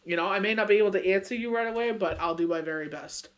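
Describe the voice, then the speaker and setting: A man's voice: sits high, fast talker, fairly bright tone, dull audio. A man giving a casual daily tarot reading, rambling and earnest, full of "you know" and "like" as he reassures viewers. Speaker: tarot reader.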